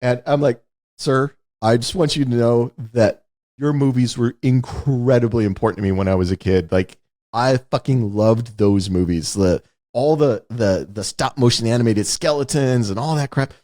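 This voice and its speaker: This podcast co-host is a man with a medium-pitched voice and a moderate pace, chatting casually. He spins stories with real animation, performing the voices of whoever he's quoting.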